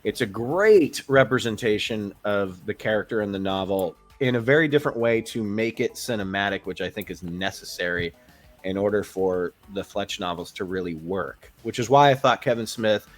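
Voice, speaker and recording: Relaxed low-voiced male podcast co-host, chatty, light music bed. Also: normal speed. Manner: relaxed, rambling, many ums and uhs. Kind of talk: casual film review chat.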